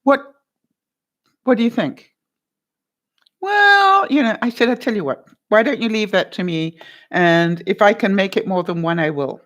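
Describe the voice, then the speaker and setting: An older woman vlogger giving life advice, telling a story in a casual, animated way and acting out both sides of a phone call. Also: medium pitch, moderate pace.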